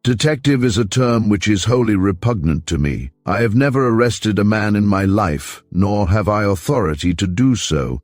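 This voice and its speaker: A man doing a prim, timid gentleman investigator. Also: fairly low pitch, expressive, normal speed, hardly any pauses, no echo, close to an everyday voice. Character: fussy, mild middle-aged male inquiry agent.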